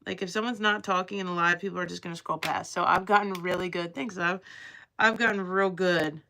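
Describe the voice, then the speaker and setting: A woman's voice: lowish voice, steady tone, a little fast, sharp tone. A young woman with a Southern accent, chatting casually on a livestream in a rambling, playful drawl. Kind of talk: casual chat with live chat.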